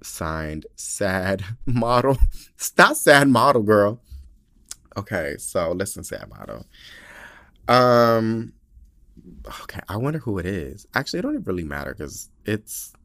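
A man hosting a podcast, chatting casually and reading listener letters in a sassy, profane, animated way, sounding tired. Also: sits low, moderate pace, gravelly, no room sound, clean studio sound. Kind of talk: casual chat.

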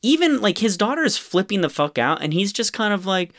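This podcast co-host's voice is high, very animated, brisk, and slightly bright as he tears into a film. The talk is casual, loaded with profanity and frustration.

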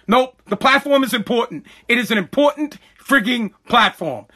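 Agitated, high-pitched male podcast host. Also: expressive, normal speed, few pauses, bright, forceful tone. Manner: profane, agitated ranting with repeated stammers. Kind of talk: solo podcast rant.

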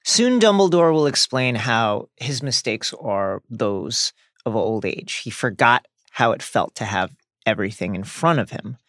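A man co-hosts a book-discussion podcast in a mid-pitched voice. He talks in a measured, conversational way and drops in wry asides. The recording is dry and close. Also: a bit bright, no room sound. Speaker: podcast co-host.

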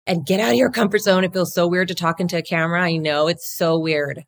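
Woman, law firm co-founder, interview guest, lower pitch, emphatic, punchy. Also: a little fast, few pauses, soft background music. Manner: emphatic, energetic, blunt, swears; swings into acted quotes of others. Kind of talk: casual interview talk.

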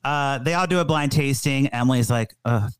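A man's voice: medium pitch, brisk, clear, resonant tone, no room sound. A man co-hosting a podcast, casually recapping a movie with jokes and lots of fillers. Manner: joking, rambling recap with fillers. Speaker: podcast co-host.

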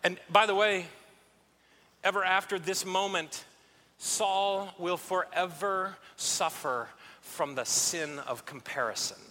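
A male pastor preaching a sermon, telling the story in an animated way and acting out scenes. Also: high-pitched, slow pace. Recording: echoey hall.

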